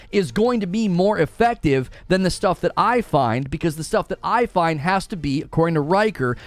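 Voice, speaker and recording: A man's voice: high voice, no room sound. A man ranting sarcastically in a video commentary about a game, exasperated and mocking. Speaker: gaming commentator.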